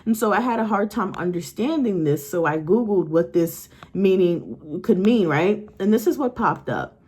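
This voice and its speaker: A woman's voice: medium pitch, expressive, moderate pace, mellow, husky. A woman psychic medium talks casually to her viewers at home. She rambles, restarts her sentences and often checks in with "okay?" and "right?". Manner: speaks directly to the audience. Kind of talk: casual spiritual storytelling to viewers. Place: at home with her dog nearby.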